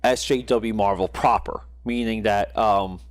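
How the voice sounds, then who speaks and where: A man's voice: fairly low pitch, fairly even intonation, unhurried, no echo. A man co-hosting a casual podcast, rambling with many restarts and frequent laughs. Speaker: podcast co-host. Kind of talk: casual podcast chat about comics.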